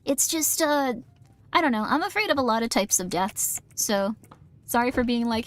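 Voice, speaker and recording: A woman's voice: on the high side, lively intonation, normal speed, faint music behind. A woman streaming a game in casual chat, rambling and self-mocking, reading chat as she plays. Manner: rambling, self-mocking, jumps into quoted voices.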